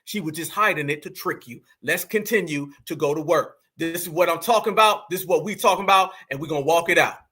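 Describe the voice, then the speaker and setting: A man's voice: on the high side, fast talker, few pauses, bright, forceful tone, faint music behind. A man hosting reaction commentary, talking animatedly, heckling and calling out to "y'all.". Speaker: commentary channel host.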